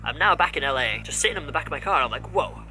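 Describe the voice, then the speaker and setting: Fast-talking man with bright voice. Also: a little high, lively intonation, low-quality recording. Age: 20s. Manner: rambling, candid, rant-prone. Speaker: vlogger. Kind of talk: casual storytelling vlog.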